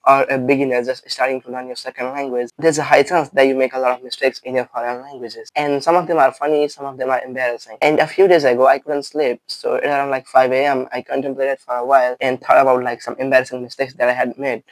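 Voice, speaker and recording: A man's voice: medium pitch, level tone, quick pace, hardly any pauses, no room sound, rough recording. A man who is not a native English speaker, chatting casually to camera as a language-learning vlogger and rambling with many fillers.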